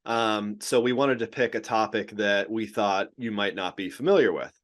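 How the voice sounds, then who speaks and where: A man's voice: on the low side, normal speed. A man co-hosting a podcast, telling a rambling story in casual, joking chat. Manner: rambling, joking, laughs often, swears. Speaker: podcast co-host.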